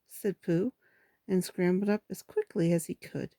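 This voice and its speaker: A woman reading a children's storybook aloud in a steady, gentle way, with small slips. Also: fairly low pitch, measured pace, vocal fry, dry recording.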